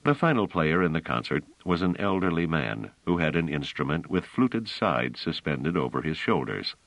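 A man with a very low voice narrates an audiobook. His delivery is measured but expressive, moving a lot in pitch. The sound is close and dry, with no room around it. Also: creaky, dry recording, rough recording.

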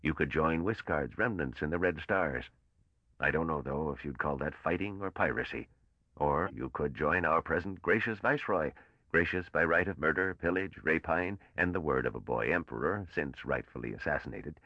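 An older man's voice, played by a man, as a bitter and weary old patrician who speaks slowly. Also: very deep voice, no echo, highs cut off.

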